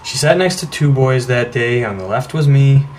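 An awkward, moody teenage boy in an audio drama, voiced by a man, glum and self-conscious. His voice sits at a plain middle pitch for a man. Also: animated, normal speed, a little mellow, a little hiss or hum, natural voice.

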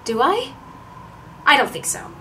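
A sarcastic teenage girl ghost from an audio drama, voiced by a woman, dropping dry, mocking remarks. Her voice sits fairly high and swings widely in pitch as she teases. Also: huge pitch swings, measured pace, pushed and bright, slight background noise, heavily acted. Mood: teasing. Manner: dry, teasing asides.

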